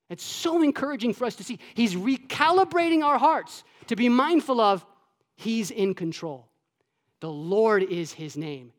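A man from Florida preaching a sermon to his church, animated, acting out voices and dropping to a hush at times. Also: very high-pitched, moderate pace. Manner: animated, acts out God's voice and his own childhood taunts, with soft hushed stretches. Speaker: pastor. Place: church sanctuary with long reverb. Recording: echoey church hall.

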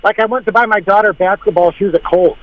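A man calling in to a radio show, talking in a relaxed, wry way. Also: sits high, quick pace. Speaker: caller. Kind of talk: phone-in chat. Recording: dull phone line.

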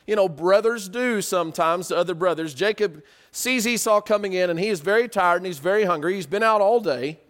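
A high-voiced man preaching a sermon in a lively, conversational way. He keeps throwing rhetorical questions at his listeners as he tells the story. His pitch swings widely from high to low.

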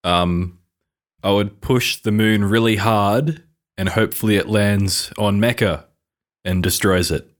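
A man co-hosting a comedy podcast, answering in a deadpan, mock-earnest way. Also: lowish voice, a little slow. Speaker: podcast co-host. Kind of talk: casual comedy podcast banter.

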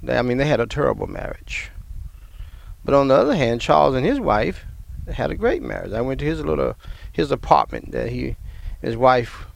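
Gravelly man preaching a rambling sermon. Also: medium pitch, animated, normal speed. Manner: rambling, repeats and restarts words. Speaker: pastor.

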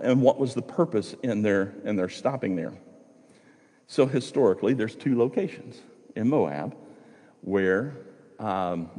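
A man preaching a sermon in a loose, conversational way, asking his listeners questions as he goes. His voice is mellow and a bit husky. The sound carries a long reverb from a hall. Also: medium pitch. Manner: conversational, asks the audience questions. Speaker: pastor.

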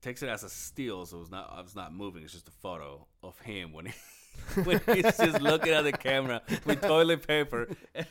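A young man in a laid-back podcast chat, spinning a crude, profane story. His pitch jumps around a lot as he gets carried away, and he laughs through his words and shouts out the lines he quotes. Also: animated, moderate pace, few pauses. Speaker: podcast co-host.

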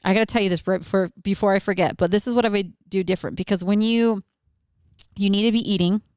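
A woman's voice: mid-range voice, fast talker, smooth, dry recording, clean studio sound. A young woman co-hosting a casual podcast chat, telling a story with lots of fillers and frequent laughter. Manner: animated storyteller, laughs often, many fillers. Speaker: podcast co-host.

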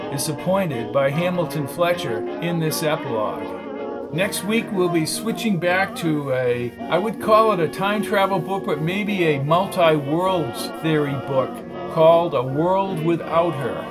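A man reading his own audiobook aloud, telling the story in a plain, steady way. His voice sits a little high, and soft music plays behind him. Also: measured pace. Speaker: author and audiobook narrator. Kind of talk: audiobook narration.

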